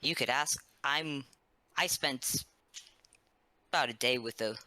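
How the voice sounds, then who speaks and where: A man's voice: medium pitch, takes it slowly, sharp tone. A man voicing his character in a tabletop role-play, rambling and earnest with frequent restarts. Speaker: player.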